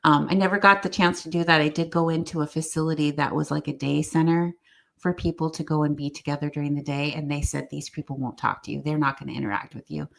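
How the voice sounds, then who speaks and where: A woman's voice: low-pitched, vocal fry, a bit bright. A middle-aged woman, a podcast guest, tells a story in conversation and acts out the quoted voices with animation.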